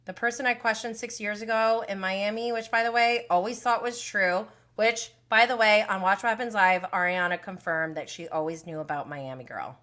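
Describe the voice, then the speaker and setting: A woman's voice: medium pitch, steady tone, normal speed, few pauses, fairly bright tone. A young woman hosting a casual recap livestream, emotional and outspoken, swearing freely as she reacts. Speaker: reality TV recap host.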